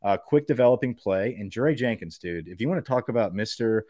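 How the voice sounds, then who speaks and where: A man co-hosting a sports podcast in casual, animated chat, swearing freely and rambling with fillers. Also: lowish voice, a little fast, no echo, studio quality. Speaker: podcast co-host.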